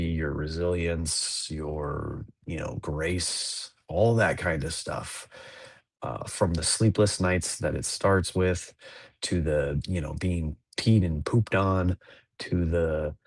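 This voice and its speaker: A low-voiced man in his thirties chats on a podcast in a loose, rambling way, full of fillers and restarts. The sound is dry and close, with no room around it. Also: gravelly, darkish tone, breathy edge, no echo. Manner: rambling, laid-back, many fillers and restarts. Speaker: podcast co-host. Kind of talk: casual chat.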